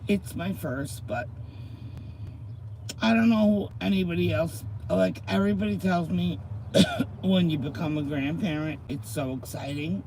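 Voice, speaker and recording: Tearful, slow-talking New woman. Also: lowish voice, noisy background. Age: middle-aged. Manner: rambling, emotional, talks to commenters. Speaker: vlogger. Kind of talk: casual chat to viewers.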